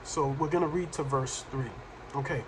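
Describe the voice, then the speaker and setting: A man hosting a reaction show, commenting in a reflective, halting way with fillers. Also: medium pitch, background noise. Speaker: host.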